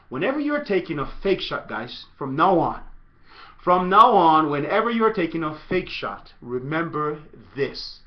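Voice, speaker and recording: A man coaches soccer moves in a casual tutorial, talking slowly with a lively, swooping pitch. He is playful and animated and breaks into loud shouts. The audio is dull and lo-fi, like a home video.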